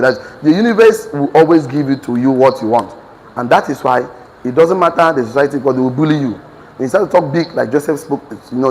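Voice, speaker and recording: A man giving an emphatic motivational speech to a live audience, repeating key phrases and calling for responses. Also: mid-range voice. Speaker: motivational business coach. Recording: reverberant hall with faint noise.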